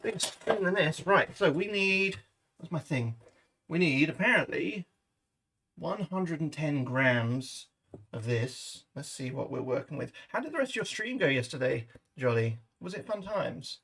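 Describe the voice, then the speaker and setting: A man's voice: fairly high pitch, lively intonation, unhurried, vocal fry, fairly bright tone, slightly rough. A British man chatting casually to his livestream viewers from his home kitchen, swearing freely as he goes. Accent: British English. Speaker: livestream host. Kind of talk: casual cooking livestream chat.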